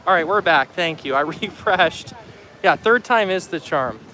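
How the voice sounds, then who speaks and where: With a slightly high, sharp-toned voice and lively intonation, a man livestreams casually from a theme park, unhurried as he walks and greets viewers by name on his handheld phone. A little hiss or hum is audible.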